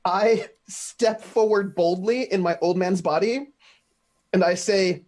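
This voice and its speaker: A woman's voice: medium pitch, slow, darkish tone. A woman playing in a tabletop game, eager and playful. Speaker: player. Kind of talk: casual tabletop play.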